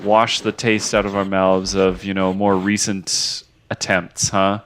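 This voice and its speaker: A man's voice: deep voice, little pitch movement, a little slow, a bit bright, slight background noise. A man co-hosting a let's play, chatting easily about what scares him. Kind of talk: casual chat.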